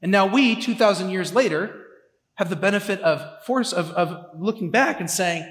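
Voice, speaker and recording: A man's voice: sits high, expressive, moderate pace. A man preaching a sermon in a conversational way, with emphatic repetitions, in a church sanctuary. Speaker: pastor. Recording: echoey hall with long reverb.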